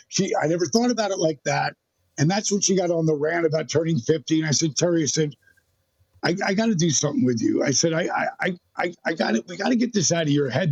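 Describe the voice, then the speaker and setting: A man telling a story as a podcast guest, animated and acting out the dialogue he quotes. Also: high voice, slightly rough, no echo, lo-fi sound.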